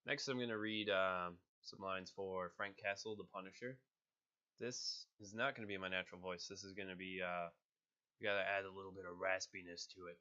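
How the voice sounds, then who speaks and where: A man with a low, bright-edged voice talks casually and a bit hesitantly about his impressions. He sounds nasal from being sick, and the home recording is dull and lo-fi. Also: fairly even intonation, a little fast. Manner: chatty, hesitant with fillers. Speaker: hobby voice actor. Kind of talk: casual talk to camera.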